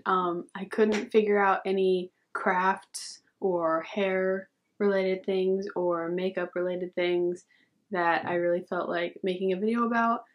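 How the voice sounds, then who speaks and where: A young woman vlogging casually, reacting to memes with sarcastic, chatty commentary. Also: mid-range voice. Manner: sarcastic, says "dude" a lot. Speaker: YouTuber.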